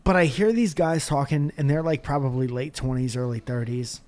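Guy hosting a podcast, ranting stories, swears a lot, jokey and animated. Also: medium pitch, normal speed. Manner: animated storytelling, profane and jokey. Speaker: podcast host. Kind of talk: casual chat.

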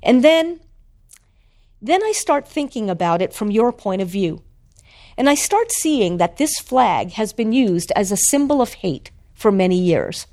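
A woman quoting an earnest grown man who speaks from the heart, his words rising and falling with feeling. The delivery is slow and deliberate, as though he weighs each thought. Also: mid-range voice, big pitch swings, dark tone.

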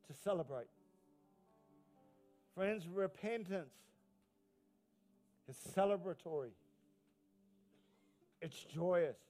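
A pastor with a New Zealand accent delivers a sermon in a fairly high voice. He is emphatic and openly emotional, circling back on key phrases to drive them home. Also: darkish tone.

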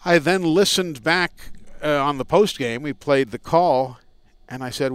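A man who calls games on the radio, telling his stories in a loose, rambling and self-deprecating way. His voice is smooth and resonant and sits in an ordinary middle register. The sound is close and dry. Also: medium pitch, normal speed, dry recording. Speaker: radio play-by-play broadcaster. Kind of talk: casual interview storytelling. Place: indoors at a college arena.

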